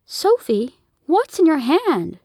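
Brief: a woman playing a tense, firm mom, raised and lively, dry studio sound. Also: high voice, takes it slowly, dry recording, pitched above the performer's own voice, heavily acted. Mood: worried. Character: worried, stern adult mother. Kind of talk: audiobook character voice.

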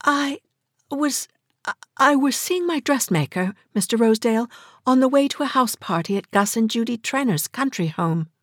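A narrator voicing a flustered young society woman who stammers and halts in a high voice. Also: lively intonation, moderate pace, a bit bright, no echo, studio quality. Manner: stammering, breathless.

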